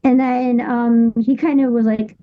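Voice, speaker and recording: A woman in her thirties, a guest on an interview show, telling a personal story in a halting way with many restarts and fillers. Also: fairly high pitch, fairly even intonation, dull audio.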